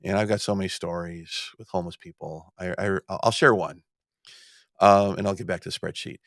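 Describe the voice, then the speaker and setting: A man's voice: low voice, steady tone, normal speed, fairly bright tone, no room sound, clean studio sound. A middle-aged man hosting a podcast, telling a long rambling story in casual talk, with many restarts and stammered repeats. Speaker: podcast host.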